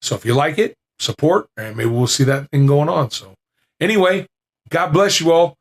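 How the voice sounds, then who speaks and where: A man's voice: fairly high pitch, normal speed. A man hosting a podcast, chatting casually to listeners in a rambling way, with lots of fillers and restarts, into a podcasting mic with noise reduction. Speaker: podcast host.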